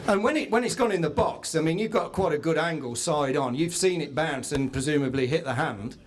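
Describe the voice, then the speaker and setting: A man's voice: a little high, a little fast. A man hosting a live event, telling comic stories to an audience and interviewing guests. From England. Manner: chatty, comic storyteller. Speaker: event host. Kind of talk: stage storytelling to an audience.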